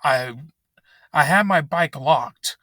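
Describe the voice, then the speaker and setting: A man's voice: on the high side, expressive, slow, bright, forceful tone, no echo, studio quality. Angry man ranting in his car. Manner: angry, frustrated, swearing often. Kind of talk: ranting vent vlog. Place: inside a parked car. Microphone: laptop microphone.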